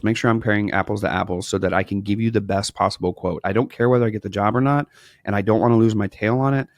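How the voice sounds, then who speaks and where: Man in his thirties from Wisconsin, podcast guest; gravelly, dry close sound, lively storyteller who plays out the dialogue. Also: lowish voice, dry recording. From Wisconsin, USA. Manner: animated storyteller, acts out quoted dialogue. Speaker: podcast guest, asphalt business owner. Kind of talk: casual interview storytelling.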